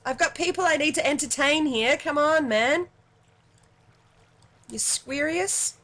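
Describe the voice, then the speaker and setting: An Australian woman commenting on her gameplay in a casual, excitable way, muttering to herself between sudden yelps. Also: high voice, normal speed. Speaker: gaming channel host.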